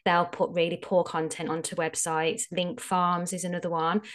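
A woman with an Australian accent talks through her field as a podcast guest, in a casual, frank way. Her voice sits a little low. She explains with plenty of filler words. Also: flat delivery, moderate pace. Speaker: SEO strategist guest.

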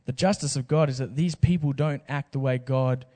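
Brief: male pastor, relaxed jokey sermon delivery, mid-pitched voice. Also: normal speed, long reverb tail. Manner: casual, jokey preaching with slang asides.

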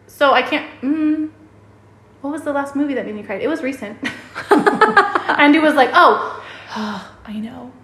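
A woman's voice: high-pitched, expressive, a little slow, long pauses, a bit bright. A young adult woman co-hosting a casual chat podcast, telling stories and acting out quotes. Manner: chatty storyteller, acts out quotes. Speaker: podcast co-host. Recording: roomy echo.

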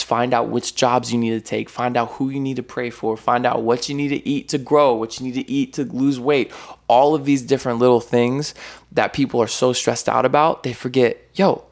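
A gravelly man talking as a guest in a casual podcast conversation. His delivery is energetic and rambling, and he leans on slang as he goes. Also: medium pitch. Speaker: podcast guest, content creator and worship artist.

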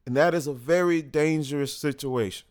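A man hosting a talk, speaking in a slow, deliberate unscripted monologue and pausing to correct himself along the way. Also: a little high, darkish tone. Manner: slow and deliberate, with restarts and small self-corrections. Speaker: host.

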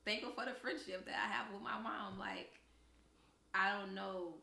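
Young woman, podcast co-host, lively storyteller, bright voice with some fry, echoey room. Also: mid-range voice, moderate pace, slight background noise. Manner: animated storyteller, acts out quoted voices. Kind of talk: casual storytelling chat.

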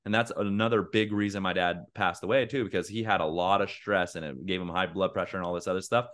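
A man's voice: low-pitched, fairly even intonation, fast talker, a bit bright. A young man co-hosting a podcast in casual chat, earnest and rambling with lots of fillers. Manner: acts out angry quotes in a raised voice. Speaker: podcast co-host.

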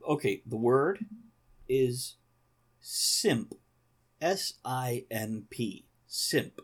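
A man in casual conversation, co-hosting a talk show. His pitch swings a lot as he jokes and laughs often. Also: very slow, breathy edge. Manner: joking, animated, laughs often. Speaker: co-host. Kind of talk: casual chat.

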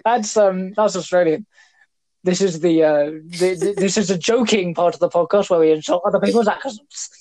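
Young woman, British accent, rambling, jokey, low-pitched, dry close mic. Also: normal speed, a little mellow, no room sound. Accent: British English. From Britain. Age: young adult. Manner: rambling and joking, with many fillers and restarts. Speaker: podcast host. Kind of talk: casual chat.

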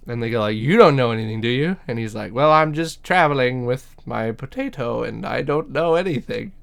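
A man's voice: medium pitch, brisk, gravelly. A man retelling a show episode in casual chat, acting out the characters and laughing often. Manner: animated storyteller, acts out characters, laughs often, swears. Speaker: podcast co-host.

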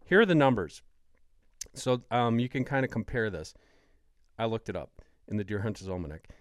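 A man's voice: lowish voice, lively intonation, normal speed, dry recording, clean studio sound. A man from Wisconsin hosting a hunting podcast, asking questions eagerly and working through numbers. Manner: enthusiastic, asks questions, quotes numbers. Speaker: podcast host. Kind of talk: casual podcast interview.

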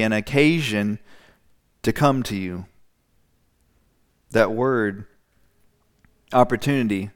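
Smooth-voiced male preacher. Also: mid-range voice. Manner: emphatic repetition, acts out voices. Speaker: pastor. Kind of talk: sermon.

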